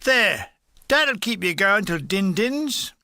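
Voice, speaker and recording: A man's voice: high-pitched, big pitch swings, slow pace, sharp tone, no echo, studio quality, full character voice. A man reading a memoir aloud, voicing a small, wavery, chatty Cockney landlady of about fifty who calls everyone darling. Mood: cheery.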